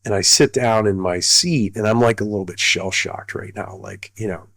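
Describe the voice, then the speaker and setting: A man's voice: on the low side, moderate pace, creaky, a bit bright, no echo. A middle-aged man, a retired army colonel, telling a story casually, rambling with many fillers and restarts.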